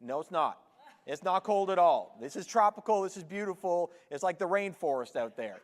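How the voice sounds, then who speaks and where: A man's voice: sits high, lively intonation, normal speed, long reverb tail. A man from Canada in his forties preaching a sermon in a church, chatty and joking with the congregation. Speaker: pastor. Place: church sanctuary.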